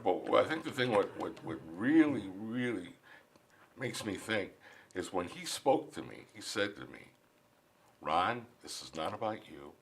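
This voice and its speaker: A man in a studio interview, earnestly telling a personal faith story with animated delivery and frequent repeated words as he restarts. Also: fairly low pitch. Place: recording studio.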